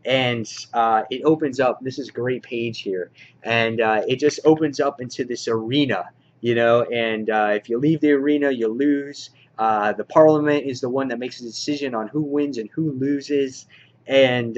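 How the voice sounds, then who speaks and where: A man reviewing comic books in a casual, rambling way, full of fillers and excited retelling. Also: medium pitch, muffled recording. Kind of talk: casual review and plot recap.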